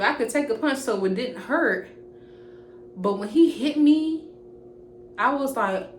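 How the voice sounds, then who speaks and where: A young woman, casually telling an animated, profane storytime to camera. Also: medium pitch. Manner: animated, profane, jumps into quoted voices. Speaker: storytime vlogger. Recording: roomy echoey room with faint hiss.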